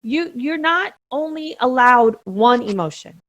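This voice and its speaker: A middle-aged woman with a somewhat high voice talks earnestly as a podcast co-host. She is gently emphatic and leans on repeated phrases to drive her points home. The tone stays reflective and conversational. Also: expressive, measured pace. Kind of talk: reflective conversation about grief.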